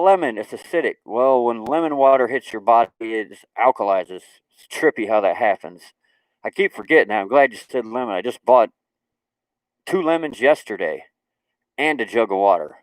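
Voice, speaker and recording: A young man hosting a casual spiritual livestream, rambling and repeating words, with lively asides and laughs. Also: mid-range voice, no echo, rough recording. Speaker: livestream host.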